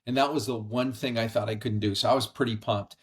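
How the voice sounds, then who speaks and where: A middle-aged man, a podcast guest, telling a personal story in an earnest, animated conversational way, speaking from a house. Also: mid-range voice, fast talker. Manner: earnest, animated storyteller acting out quoted voices. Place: brother-in-law's house.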